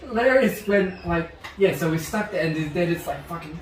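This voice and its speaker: A man's voice: high-pitched, expressive, moderate pace. A young man telling a story in casual conversation, rambling, swearing freely and laughing often. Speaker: martial arts instructor guest. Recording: roomy, distant mic, background noise.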